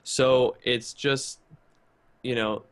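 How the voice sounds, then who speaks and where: A man's voice: medium pitch, steady tone, very slow, clear, resonant tone. A man co-hosting a podcast, explaining an idea in a meandering way with many fillers and restarts. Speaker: podcast co-host. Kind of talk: casual chat.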